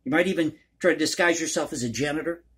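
A man's voice: on the high side, quick pace, a bit bright, husky. A man hosting a one-take commentary vlog, talking in a rambling, folksy, conspiratorial way and calling his viewers folks. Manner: conspiratorial, opinionated. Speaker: political commentary YouTuber.

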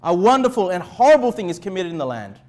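A man's voice: high voice, big pitch swings, fast, darkish tone. A male pastor preaching a sermon in church, emphatic, with repeated phrases and rhetorical questions. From Australia.

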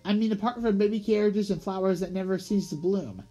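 A storybook reader voicing Tucker, a nervous, excitable little city mouse who talks in a squeaky, whimpering way. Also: brisk, close to an everyday voice. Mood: restless.

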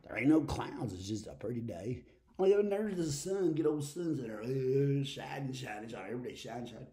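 A man's voice: medium pitch, expressive, a little fast, dark tone. Folksy Southern man rambling a comic sermon. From Texas. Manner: folksy, meandering storytelling with quoted voices. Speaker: comic preacher character.

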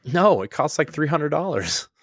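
A man's voice: a little high, big pitch swings, a little slow, husky, no room sound. A man co-hosting a podcast in casual chat, rambling with lots of "like"s and restarts. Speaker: podcast co-host.

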